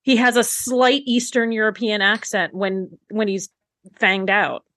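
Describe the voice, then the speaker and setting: A woman's voice: mid-range voice, fairly even intonation, measured pace, a bit bright, dry recording. A woman co-hosting a podcast, chatting enthusiastically and giggling while recapping a TV episode. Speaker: podcast co-host. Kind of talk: casual chat recapping a TV episode.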